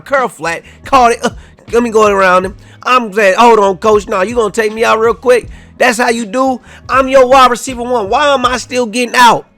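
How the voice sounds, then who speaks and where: High, bright animated young gamer guy. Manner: animated, trash-talking, half-sung asides. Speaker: gaming YouTuber. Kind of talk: casual gameplay commentary. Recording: faint music behind.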